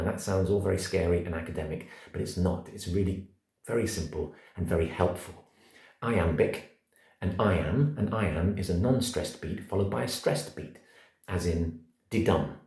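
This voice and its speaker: A man's voice: low-pitched, dark tone. A middle-aged man teaching an acting masterclass, stressing single words and tapping out verse rhythms. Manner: emphatic, words spelled out one by one, rhythmic. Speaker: acting coach. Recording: echoey room.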